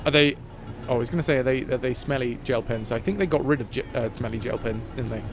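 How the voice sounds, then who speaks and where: A man's voice: mid-range voice, quick pace, over music. A man streaming a game, chatting casually in a rambling, jokey way that keeps breaking off and restarting. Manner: rambling, jokey, self-interrupting. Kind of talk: casual gameplay commentary.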